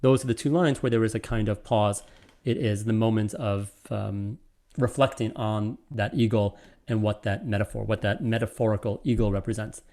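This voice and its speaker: A man's voice: fairly low pitch, steady tone, normal speed, warm tone. A man giving an online literature lecture, explaining and thinking aloud as he goes. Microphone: video call.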